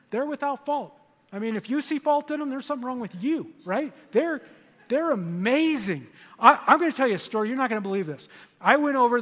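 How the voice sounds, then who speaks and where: An older man, a grandfather, preaching a sermon in a church auditorium, animated and leading the congregation in repeated phrases. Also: sits high, big-room sound. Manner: animated, storytelling with congregation call-and-response. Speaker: pastor.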